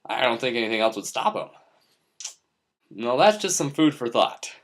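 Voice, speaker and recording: Animated young man rambling to camera. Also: medium pitch, moderate pace. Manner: rambling, animated, playfully goofy. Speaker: vlogger. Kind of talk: unscripted monologue to camera.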